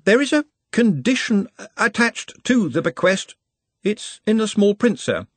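A man plays a fussy young wizard clerk who sounds anxious and apologetic. He speaks high and hesitantly, with a husky edge to his voice, and weighs every word with precise care. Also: sing-song, a little slow, no room sound, heavily acted.

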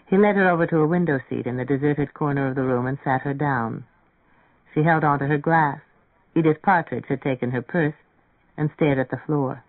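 A man's voice: on the high side, normal speed, no room sound. Man reading an audiobook, dry phone-like sound. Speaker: narrator.

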